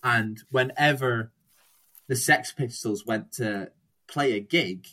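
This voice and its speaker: A man's voice: mid-range voice, takes it slowly, sharp tone. A young man in casual chat, rambling through anecdotes, swearing freely and acting out quotes.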